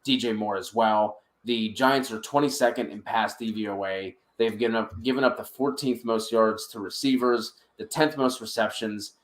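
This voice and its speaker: A man's voice: lowish voice, fairly even intonation, normal speed, hardly any pauses, reverberant. A man co-hosting a sports betting podcast, chatting casually and stumbling over repeated words as he reels off stats. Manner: stammers and repeats words while reeling off stats.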